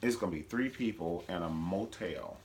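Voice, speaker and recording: Animated low-voiced man recapping gossip. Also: moderate pace, background noise. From Cleveland, Ohio. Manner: animated, gossipy, dramatic asides. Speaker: TV show reviewer. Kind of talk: casual recap vlog.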